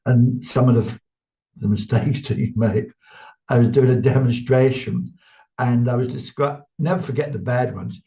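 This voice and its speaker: An older English man, a medium, telling lively anecdotes in a casual interview and laughing often. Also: medium pitch, moderate pace, vocal fry. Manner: chatty storyteller, laughs often, lively quoted voices. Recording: slightly dull sound.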